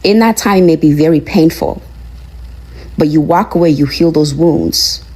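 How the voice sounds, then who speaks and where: A woman's voice: sits low, normal speed, a little mellow, husky, rough recording. A woman in a played clip delivering an earnest, sermon-like motivational talk, repeating her phrases for emphasis. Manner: earnest, preachy, repetitive phrasing. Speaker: online commentator.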